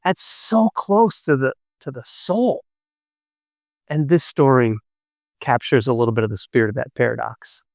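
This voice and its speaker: Middle-aged male storyteller, gentle and reflective, mid-pitched voice, dry close sound. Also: creaky, dry recording. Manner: gentle, unhurried, with thoughtful pauses. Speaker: storyteller and podcast co-host.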